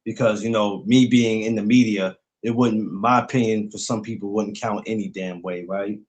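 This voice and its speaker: A man's voice: lowish voice, steady tone, normal speed. A man hosting a podcast, chatting in a blunt, laid-back way. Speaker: podcast host. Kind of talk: casual chat.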